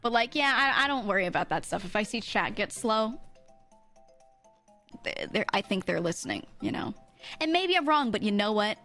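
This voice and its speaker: A woman streamer, chatting fast and casually with her chat, swearing freely and laughing often, in a mid-to-low register. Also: very animated, bright, forceful tone, faint music behind.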